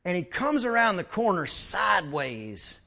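A man's voice: high-pitched, a little slow, creaky. A man preaching a sermon, telling stories and acting out quotes with lots of repeated words. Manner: animated, acts out quotes, repeats words when excited. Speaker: pastor. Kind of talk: sermon with storytelling.

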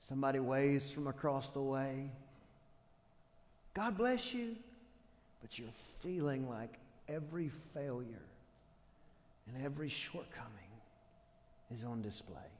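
A man's voice: medium pitch, unhurried, darkish tone, long reverb tail. A man preaching a sermon as pastor, telling everyday stories with humor and animation. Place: church sanctuary.

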